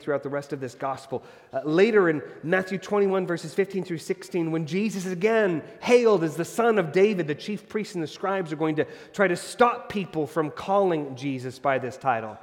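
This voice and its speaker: A man preaching an expository sermon, moving between emphatic lines and hushed ones. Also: a little high. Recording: hall reverb.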